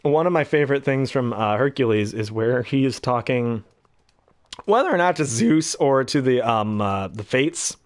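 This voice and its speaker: In a clean studio with no echo, a hobby voice actor with an expressive, medium-pitched voice talks at normal speed. He chats and wanders on about his favorite voices between impressions, with lots of ums and throat-clearing.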